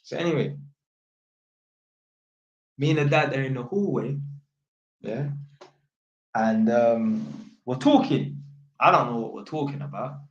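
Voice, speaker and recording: A young man tells a story in heavy London slang, animated and acting out the voices of the people involved. His medium-pitched voice is unhurried, with long pauses, and the lo-fi recording has a roomy sound.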